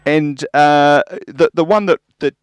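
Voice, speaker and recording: A man's voice: a little high, takes it slowly, clear, resonant tone, no room sound. An Australian man co-hosting a radio show, asking long, rambling questions and joking along. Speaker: radio co-host. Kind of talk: conversational radio interview.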